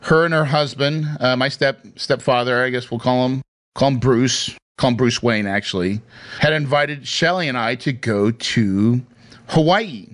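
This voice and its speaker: A man's voice: medium pitch, measured pace. Man with a mid-range voice, chatty storyteller who checks in with the listener a lot. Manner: chatty, hesitant restarts, asks "right?" often. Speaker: speaker sharing his career story. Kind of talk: casual personal storytelling.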